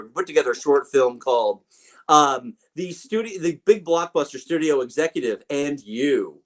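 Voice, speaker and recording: A man's voice: on the high side, animated, moderate pace, a bit bright. Rambling jokey male podcast co-host. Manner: rambling, jokey, trails into asides. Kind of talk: casual chat.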